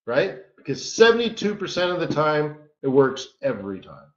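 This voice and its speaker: A man's voice: on the high side, very animated, normal speed. A man coaching traders in a live-streamed lesson, talking in a casual, joking way and often tossing in "right?". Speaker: trading coach. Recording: roomy, dull lo-fi stream audio.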